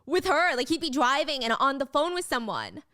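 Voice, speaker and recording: Young woman, fairly high voice, lively storyteller who slips into voices for each person she quotes. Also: normal speed, no room sound, studio quality. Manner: animated, acts out quoted lines in shifting voices. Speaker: storyteller host. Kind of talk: casual retelling of a viral story.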